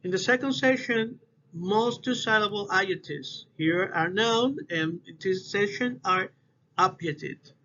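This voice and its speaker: A man giving a class presentation on word stress, in halting English that repeats words as he goes. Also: high voice, pushed and bright. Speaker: student presenter. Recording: dull lo-fi recording with faint noise.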